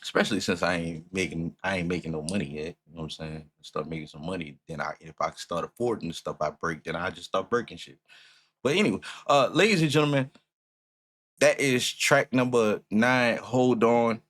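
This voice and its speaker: A man streaming a music reaction, talking casually and swearing often, swinging between loud outrage and low muttering. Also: brisk.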